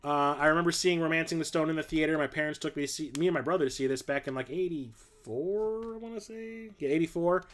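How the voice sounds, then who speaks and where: A man's voice: on the high side, fast talker. Rambling enthusiastic man in his forties. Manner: rambling, filler-heavy, enthusiastic. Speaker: host. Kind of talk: casual livestream chat.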